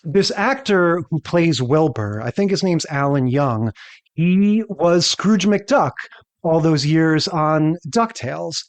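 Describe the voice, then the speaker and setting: A man co-hosting a podcast in casual chat, rambling and often checking in with a quick "right?". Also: fairly high pitch, expressive. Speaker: podcast co-host.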